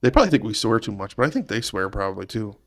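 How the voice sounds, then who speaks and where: A man's voice: fairly low pitch, very animated, very fast, dry recording. Young guy rambling on his podcast, goofy and chatty, voice right up on a dry mic. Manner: rambling, playful, mock accents. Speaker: podcast host. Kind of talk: casual chat.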